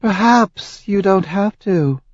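A man's voice: a little high, animated, measured pace, dry recording, highs cut off, pitched above the performer's own voice. A man voicing a cruel female goddess who taunts and gives menacing orders. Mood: scheming. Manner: mocking, menacing, shouts orders.

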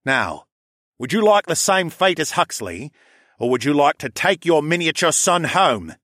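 A man's voice: on the high side, very animated, unhurried, a bit bright, no echo, clean studio sound, voice pushed up, full character voice. A man voicing a cold, commanding young male noble who speaks in clipped, authoritative lines. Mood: menacing.

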